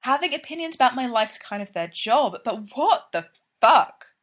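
A woman's voice: on the high side, lively intonation, normal speed, pitched above the performer's own voice. A woman voicing an agitated young hockey player. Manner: emphatic, agitated protests. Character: young male hockey player, earnest and upset.

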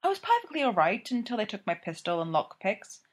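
A woman voicing a bold, flirtatious high-society lady detective, playful and teasing in her delivery. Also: sing-song, brisk.

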